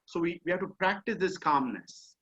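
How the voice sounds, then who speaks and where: A middle-aged mindfulness coach with an Indian accent leads an online session over a video call from a home or office. His high-sitting voice is bright and forceful with a breathy edge and lively intonation at a normal pace. He explains things conversationally with frequent fillers, and the video call audio is dull and lo-fi.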